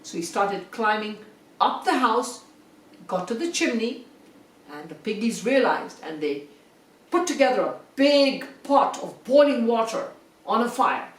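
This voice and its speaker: A woman storyteller reads to children in an animated, lively voice that swings widely up and down. Her voice is fairly high. It rings in a roomy space, set back from the mic. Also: measured pace, far from the mic. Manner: animated, talks directly to children.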